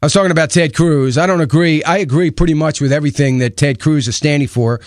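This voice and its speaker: A man's voice: fairly high pitch, fast talker, no echo. Opinionated male radio host, dry studio sound. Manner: opinionated, emphatic, rhetorical questions. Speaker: radio talk show host. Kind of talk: radio talk commentary. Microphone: studio microphone.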